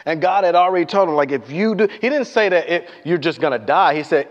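A man preaching a sermon in a large hall, his voice carrying a long reverb tail. He retells the scripture with animated storytelling and slips into voices for the characters. The recording is muffled and lo-fi, and his pitch sits a little above the usual for a man. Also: brisk, hardly any pauses. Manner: animated storytelling, acting out voices and asking the congregation questions.

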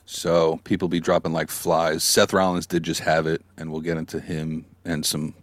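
A man's voice: very deep voice, completely flat delivery, normal speed, no echo. A man co-hosting a podcast, chatting casually and joking with his co-host. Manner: joking, teasing, laid-back. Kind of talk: casual wrestling podcast chat.

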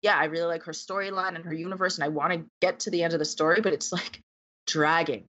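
A woman's voice: lowish voice, steady tone, fast talker, background noise. A woman chatting casually about books, ranting with lots of fillers and exasperation. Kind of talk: casual book discussion. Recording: dull lo-fi sound.

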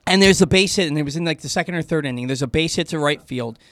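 Male sports radio co-host, high voice, excitable, stumbles over words, dry studio mic. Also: quick pace, dry recording. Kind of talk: casual sports talk.

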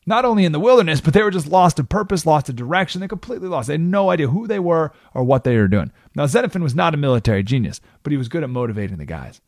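A male radio host tells a history story in a loose, conversational way, and his pitch climbs and drops a lot as he acts out quotes. His voice sits a little high for a man, and the sound is close and dry with no room echo. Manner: casual, animated storytelling, acting out quotes in voices. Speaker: radio talk show host. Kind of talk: radio monologue retelling history.

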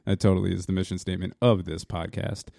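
A man in his thirties from New Jersey, rambling through a casual podcast chat with many halting restarts. His voice sits very low. The recording is close and dry, made in a small home studio. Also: flat delivery, creaky, mellow, dry recording. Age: 30s. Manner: rambling, halting, laughs often. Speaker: podcast co-host. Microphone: podcast mic in a small home studio.

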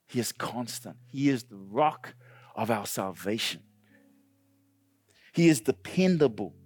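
A male pastor preaching a sermon with passion, often climbing to loud, high peaks. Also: lively intonation, measured pace, pauses often, husky, no echo. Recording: dry close sound with faint music.

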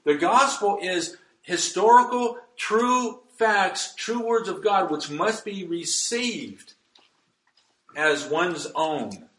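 Emphatic preaching man, highish voice. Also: animated, slow pace, fairly bright tone, roomy sound, low-quality recording. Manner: emphatic preaching, reads scripture aloud. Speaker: pastor. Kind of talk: sermon.

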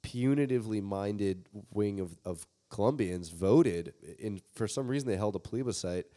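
A man's voice: on the low side, moderate pace, mellow. A man co-hosting a casual podcast, explaining political events in a wry tone with long asides. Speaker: podcast co-host.

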